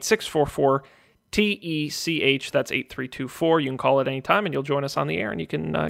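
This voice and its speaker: A man hosts a casual tech podcast. His voice sits a little high for a man. He rattles off show plugs quickly and teases his co-hosts. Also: vocal fry, a bit bright. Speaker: podcast host.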